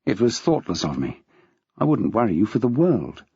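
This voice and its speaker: A man's voice: on the low side, very animated, normal speed, vocal fry, mellow, slightly rough, no echo, pitched below the performer's own voice, heavily acted. A man voicing a dry, witty older male schoolteacher with theatrical quips. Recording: dull, dry.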